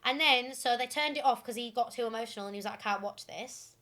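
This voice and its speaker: Bright, animated young woman. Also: fairly high pitch, fast talker. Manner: animated, giggly storytelling with lots of fillers. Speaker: podcast co-host. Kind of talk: casual chat, retelling listener stories.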